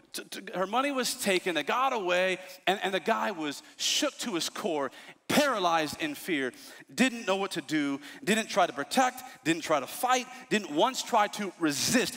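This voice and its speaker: A man in his thirties preaches from the pulpit, his voice high and bright. He tells stories in an animated way with playful asides. The sound carries a long reverb from a large church hall. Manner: animated storytelling, lively asides. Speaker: pastor. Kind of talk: sermon.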